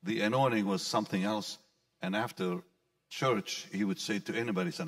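A man's voice: fairly low pitch, expressive, brisk, gravelly, distant mic. A male pastor recounting his personal testimony in an interview, storytelling with frequent restarts and repeated words.

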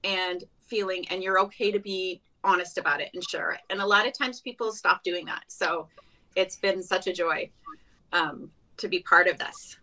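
Bright-voiced woman leading a cast chat. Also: fairly low pitch, normal speed, rough recording. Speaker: actress and chat moderator. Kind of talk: casual virtual cast chat.

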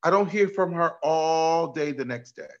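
A man, a pastor, telling stories in an excitable, talkative way during a chat, on a dull lo-fi recording. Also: fairly high pitch, moderate pace. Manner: excitable, talkative, acts out quotes. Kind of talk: animated storytelling in a chat. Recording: dull lo-fi sound.

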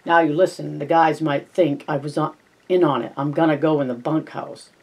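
A man voicing a hardened ranch worker in a read-aloud story, with plain rough dialect speech. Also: fairly high pitch, fairly even intonation, normal speed, a little mellow. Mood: urgent.

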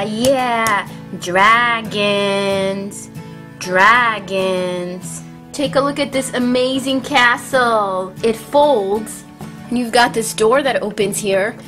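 A woman's voice: fairly high pitch, unhurried. A woman narrating a toy demonstration in an enthusiastic show-and-tell manner, as a voice-over over background music. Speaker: toy reviewer.

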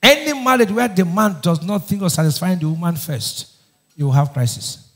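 High-voiced pastor preaching. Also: male voice, animated, moderate pace, fairly bright tone. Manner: call-and-response questions to the congregation; emphatic preaching, often raising his voice. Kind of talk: sermon.

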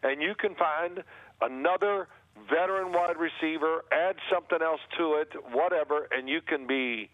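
A man holds the floor on a sports podcast, rolling on in long unbroken runs and plowing past interruptions. His voice sits a little high for a man and comes through a thin, tinny phone-line feed with no room around it. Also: moderate pace, no echo. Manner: long rolling monologues, talks over others. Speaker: guest analyst, former game broadcaster. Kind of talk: casual sports podcast chat.

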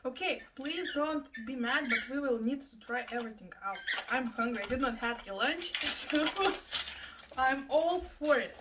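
High-voiced excitable young woman. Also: moderate pace, heavy background noise. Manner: excitable, gasping exclamations. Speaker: plant and lifestyle vlogger. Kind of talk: casual unboxing chat.

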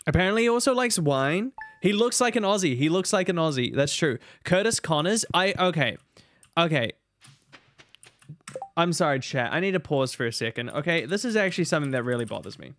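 A man streaming a game, rambling in animated casual commentary and talking to his chat. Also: fairly high pitch, brisk.

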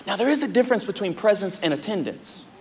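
A young man preaching a sermon as pastor, moving between loud exhortation and hushed, soft storytelling. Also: sits high, lively intonation, quick pace, crowd noise. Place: large church auditorium. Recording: live sermon with echoey hall.

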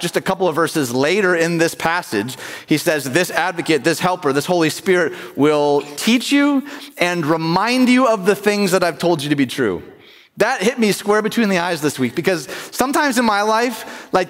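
Conversational pastor in a reverberant church. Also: male voice, high voice, sing-song, moderate pace, a bit bright. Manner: conversational, asks the congregation questions. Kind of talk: sermon. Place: church sanctuary.

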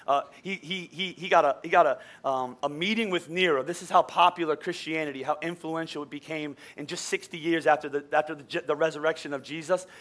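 A pastor preaching a sermon, swinging between loud, fervent preaching and quiet, joking asides, often repeating words as he goes. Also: fairly high pitch. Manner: repeats words, stumbles and restarts.

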